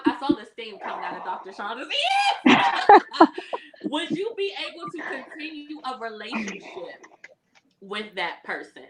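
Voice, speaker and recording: A woman hosting a casual panel chat, animated and quick to laugh as she puts questions to the panel. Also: medium pitch, noisy background. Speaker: host.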